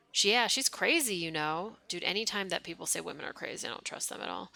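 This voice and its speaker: Young woman, streamer, casual asides, gravelly edge, bright tone. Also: lowish voice, lively intonation, fast talker, hardly any pauses. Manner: reads game text aloud, swears and laughs, chatty asides. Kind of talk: casual live game stream with reading aloud.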